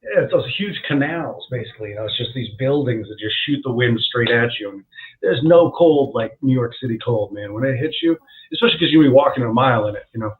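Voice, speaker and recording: A male comedian guest swaps road stories in a loose, casual chat, animatedly acting out people with lively voice shifts. He talks quickly in a mid-range voice, and his audio comes through thin and tinny like a phone call.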